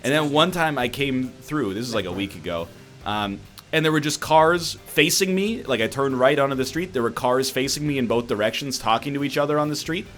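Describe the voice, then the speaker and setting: A young man chatting casually during a game, telling animated stories, swearing and mimicking others. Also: mid-range voice, fairly quick, soft background music. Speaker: co-host playing a golf game. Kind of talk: casual banter while gaming.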